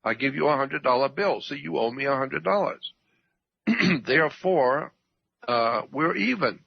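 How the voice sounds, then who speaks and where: A man explaining at length as a radio guest, emphatic, repeating his points and often clearing his throat. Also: mid-range voice, lively intonation, unhurried, no room sound. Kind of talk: lecturing radio talk. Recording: dull dry radio audio.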